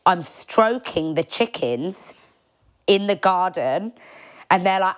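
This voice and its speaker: A young woman tells a personal story on her podcast. She is chatty and animated, with a slightly low voice, and she acts out what people said and laughs along as she goes. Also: takes it slowly, clean tone. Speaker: podcast host.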